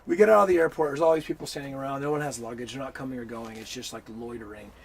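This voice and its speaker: A man telling a story in an interview, animated and swearing freely as he acts out the people in it. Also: medium pitch, rapid-fire, husky. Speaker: interview guest. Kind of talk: casual storytelling.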